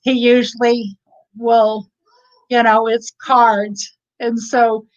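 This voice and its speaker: A woman's voice: fairly high pitch, flat delivery, takes it slowly. A woman speaking as a parent guest in casual chat, rambling with many "you know" fillers and restarts. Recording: muffled lo-fi audio.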